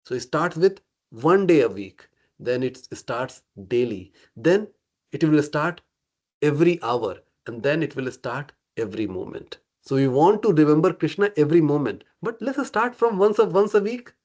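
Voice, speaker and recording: A man's voice: a little high, expressive, moderate pace, darkish tone. A man teaching an interactive scripture study class, questioning his group and often checking in with "okay" and "right".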